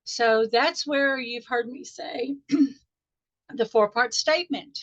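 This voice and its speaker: A woman coach leading a live group call, guiding a meditation in a soft, unhurried voice and then teaching in a chatty, animated way. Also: on the high side. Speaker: life coach. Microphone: video call audio. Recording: dull lo-fi video call sound.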